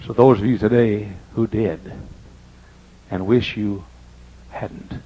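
An older man preaching a sermon in church, telling personal stories and swinging between loud emphasis and hushed asides. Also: lowish voice, steady tone, slow, slightly rough, highs cut off. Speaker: pastor. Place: church sanctuary.

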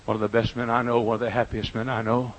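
An older man preaching a folksy sermon in a church, swinging from quiet asides to loud, drawn-out emphasis, with a husky voice. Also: medium pitch, little pitch movement, rough recording. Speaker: pastor. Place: church auditorium.

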